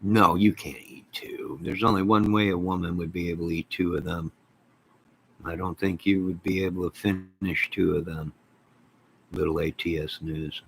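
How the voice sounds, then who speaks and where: A man hosting his own channel, chatting casually to his viewers on a live stream in an excitable, folksy, rambling way. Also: low voice, moderate pace, slight background noise, rough recording. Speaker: channel host.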